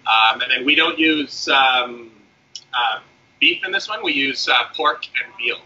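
A man, a guest chef, explaining a recipe step by step in a relaxed way with many fillers. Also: medium pitch, measured pace, muffled recording. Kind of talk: cooking demonstration.

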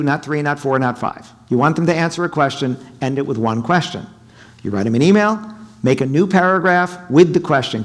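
A middle-aged man giving a sales seminar talk in a hotel conference room, animated and quizzing the audience. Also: a little high. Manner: animated, asks the audience questions, acts out quotes. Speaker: keynote speaker.

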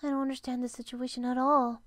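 A woman's voice: high voice, level tone, fast, fairly bright tone, no echo, clean studio sound. A woman voicing a lost, confused young girl who asks anxious, hesitant questions. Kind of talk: voicing game dialogue.

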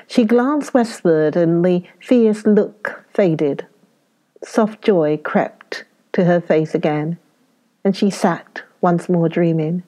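A woman reading a story aloud as a measured audiobook narrator. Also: fairly low pitch, dark tone.

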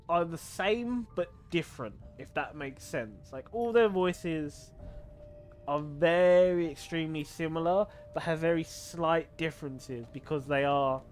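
A man streaming a video game, chatting casually with viewers, swearing freely and laughing often. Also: a little high. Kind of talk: casual gaming stream chat.

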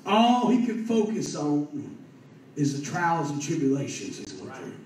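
Fervent preacher in an echoey church. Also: male voice, fairly high pitch, big pitch swings, unhurried, distant mic. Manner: fervent, rising to loud emphatic peaks. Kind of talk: sermon with personal story. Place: church sanctuary.

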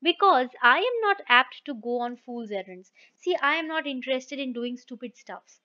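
A woman reading the part of a kind-hearted village wheelwright who explains himself calmly and firmly. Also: high-pitched, normal speed. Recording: dull lo-fi recording.

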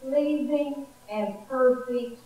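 A woman's voice: high-pitched, drawn-out words, mellow. Woman preacher, sermon, emphatic storytelling, distant mic, echoey hall.

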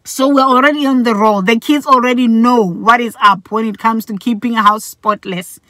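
A middle-aged woman from Botswana tells a personal story straight to camera in a casual vlog. Her voice sits a little high, and she is animated, slipping into the voices of the people she quotes. The sound is dry and close, with no room echo. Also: moderate pace. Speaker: vlogger.

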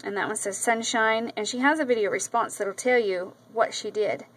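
A woman's voice: a little high, moderate pace, fairly bright tone, low-quality recording. A woman vlogger chatting casually about craft mail she received, gushing often and filling her talk with ums and repeats. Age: adult with a daughter. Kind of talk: casual show-and-tell vlog. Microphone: camera mic.

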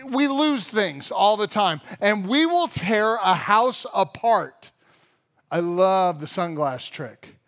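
A man's voice: sits high, takes it slowly. A man preaching a sermon at a church service, telling funny everyday stories and acting out the voices in them. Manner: animated storyteller, acts out funny everyday scenes. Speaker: pastor.

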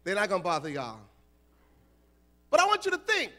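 An American man giving a lively, joking youth lecture as an imam, acting out voices for the crowd. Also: sits high, a little fast, long pauses. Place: large conference hall.

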